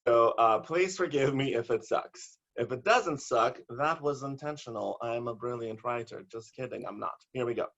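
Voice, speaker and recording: A man performing bawdy comic poetry over a video call, theatrical and given to shouted punchlines. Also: medium pitch, moderate pace, hardly any pauses, lo-fi sound. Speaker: poet.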